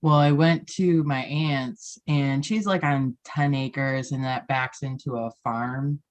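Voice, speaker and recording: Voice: mid-range voice, fairly even intonation, takes it slowly. A chatty co-host tells a rambling personal story in a casual podcast conversation. The delivery is loose and conversational, with frequent laughs. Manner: chatty, laughs through stories.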